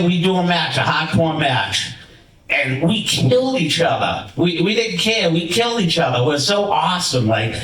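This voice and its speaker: A man giving a rambling, animated storytelling speech at a ceremony in a lodge hall. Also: on the high side. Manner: rambling, animated, many restarts. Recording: roomy hall from far off.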